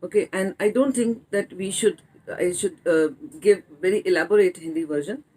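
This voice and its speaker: A woman teacher with an Indian English accent, explaining a poem to students slowly and often adding "okay". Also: lowish voice, warm tone, rough recording.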